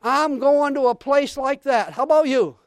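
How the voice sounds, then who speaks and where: A man preaching a fervent sermon in a strikingly high voice. He reads scripture with rising excitement and keeps calling out to his congregation for a response. The sound is dry and close, with no room echo. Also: normal speed. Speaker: pastor.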